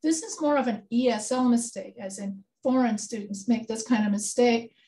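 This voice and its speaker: A woman's voice: a little high, moderate pace, dark tone. A woman teaching a grammar lesson in an online class, explaining rules step by step and checking in with her students. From Texas. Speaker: writing instructor.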